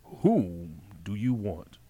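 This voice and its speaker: A man on a radio show, bantering and reading a poem aloud in a playful, drawn-out way. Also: lowish voice, sing-song, mellow, muffled recording. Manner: playful, draws out words for spooky effect. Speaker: radio co-host.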